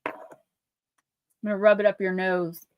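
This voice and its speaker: A woman hosting a live stream, chatting in a rambling, animated way and reading oracle cards aloud. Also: medium pitch, measured pace, muffled recording, a little hiss or hum. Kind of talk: casual live-stream chat and card reading.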